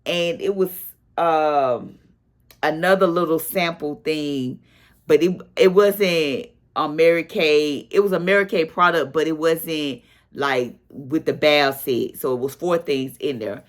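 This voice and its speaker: A middle-aged woman, telling a personal story in casual vlog chat and acting out what people said. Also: a little slow. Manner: animated storyteller, acts out quotes with a higher voice.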